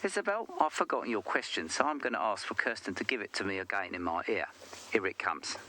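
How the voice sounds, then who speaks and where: A man hosting a live game drive as a safari guide, playful and chatty as he takes viewers' questions. His voice is bright and lively, with a lowish pitch. Faint bush sounds sit behind him outdoors. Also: fast, slight background noise. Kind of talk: live wildlife broadcast commentary.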